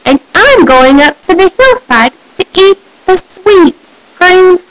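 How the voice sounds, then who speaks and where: A woman's voice: very high-pitched, very animated, slow, pitched above the performer's own voice, exaggerated voice, rough recording. A woman voicing the youngest billy goat, a tiny timid creature with a small pleading voice.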